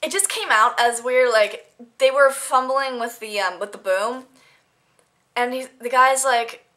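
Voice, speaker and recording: A teenage girl chats to her camera without a script, telling one story after another. Her voice sits a little high and sounds bright and forward. She rambles, laughs easily and keeps it casual. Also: unhurried. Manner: chatty, giggly, rambling storytelling. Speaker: vlogger. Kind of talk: casual unscripted vlog chat.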